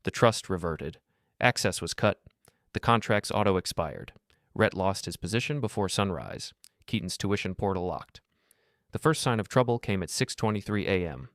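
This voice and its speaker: Deep male narrator, dry booth sound, measured and calm first-person storytelling. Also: no echo.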